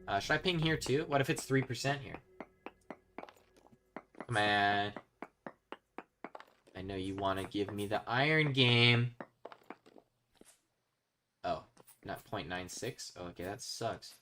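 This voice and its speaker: A young man giving casual commentary while he plays a video game. He swings from quiet muttering to yelling when he is excited. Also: on the low side, slow pace, long pauses, a little hiss or hum. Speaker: gaming video host. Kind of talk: casual let's-play commentary.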